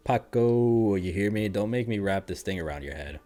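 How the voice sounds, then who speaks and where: A man's voice: low-pitched, fairly quick, darkish tone, soft background music, lightly acted. A man voicing a brash young male store clerk who scolds and threatens a thief while reading a comic aloud. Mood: scolding. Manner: bossy, scolding.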